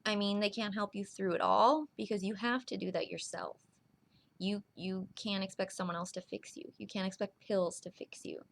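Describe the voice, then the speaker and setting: A young woman vlogging straight to the camera in an earnest, reassuring way, speaking slowly with small restarts. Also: medium pitch, fairly even intonation, gravelly. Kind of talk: heartfelt direct-to-camera vlog.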